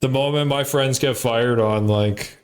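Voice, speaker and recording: A man's voice: mid-range voice, measured pace. A man hosting a podcast in casual chat, loose and profane, laughing often. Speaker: podcast host.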